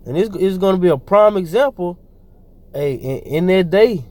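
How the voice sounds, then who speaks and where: A man's voice: high-pitched, lively intonation, moderate pace, darkish tone, dry recording. A man teaching scripture, reading verses aloud and then commenting in loose, slangy asides with fillers and repeated words. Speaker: preacher.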